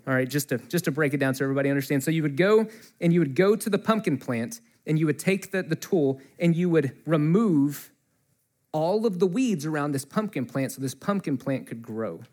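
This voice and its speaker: A man's voice: on the high side, brisk. A man preaching a sermon in a church, telling a story in a loose conversational way and quoting the people in it, with a mic close to his face. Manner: conversational, animated storytelling with quoted voices. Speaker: pastor.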